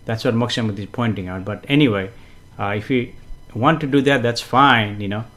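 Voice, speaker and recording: A man hosting a casual live stream, greeting viewers and reading their comments, chatty and gently explanatory with frequent fillers and soft chuckles. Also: medium pitch, a little fast. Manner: gently explanatory, repeats himself for emphasis. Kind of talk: casual live-stream chat with spiritual teaching.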